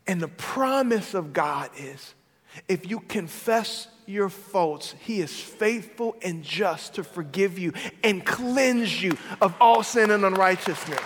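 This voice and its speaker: A man preaching a sermon as a pastor, swinging between loud declarations and hushed, intimate moments. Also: high voice, expressive, slow, long reverb tail.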